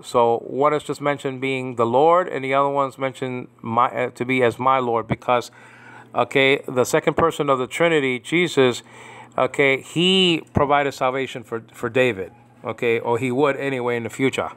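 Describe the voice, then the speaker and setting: A man from New York teaching a casual Greek Bible lesson at home, rambling and slowly repeating Greek words. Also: medium pitch, fairly even intonation, a bit bright, clear, resonant tone.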